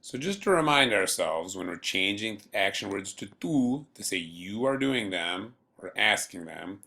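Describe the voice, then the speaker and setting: A man with a low, gravelly voice teaches beginner Spanish to remote students. He talks slowly and patiently, repeating words for the learners. His intonation moves up and down a lot. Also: expressive, bright, forceful tone. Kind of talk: recorded remote classroom lesson.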